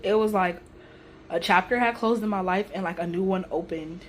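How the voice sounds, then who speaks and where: Young woman, casual storytime vlog, emotional and animated, slangy talk, faint background hiss. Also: on the low side, normal speed. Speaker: vlogger.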